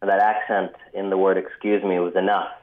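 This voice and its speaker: A man recounting a story on a radio interview, unhurried and dotted with ums. His voice sits very low. It comes through a thin, tinny phone line. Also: little pitch movement. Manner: measured, many ums, vivid retelling. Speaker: author guest.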